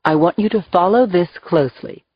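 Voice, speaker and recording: A woman's voice: on the low side, normal speed, slightly rough, no room sound, highs cut off. A woman voicing a brash male federal agent who makes cocky threats, in an audiobook reading.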